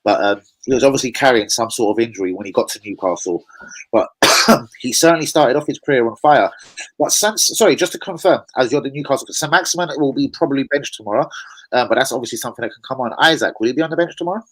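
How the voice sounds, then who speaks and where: A man hosts a live football fan stream at a middle pitch. He chats loosely and swears often, hopping between the guest and the viewer comments. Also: lively intonation, quick pace, low-quality recording. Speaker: fan channel host. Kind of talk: live football preview chat.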